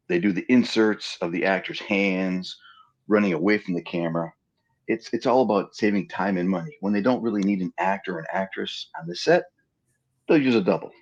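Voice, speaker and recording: A husky, gravelly man with a fairly low voice spins stories as an interview guest. He jumps into the voices of the people in his tales. The sound is a little muffled and lo-fi. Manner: animated storyteller acting out quoted dialogue. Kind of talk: casual storytelling interview.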